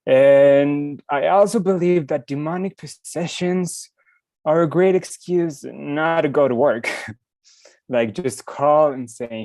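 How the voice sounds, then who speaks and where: A man from Mexico delivering a stand-up set on a club stage. He speaks very slowly and deliberately, with a dry delivery, and his voice sounds close and dry with little room. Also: a little high, a little mellow, no room sound. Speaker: stand-up comedian.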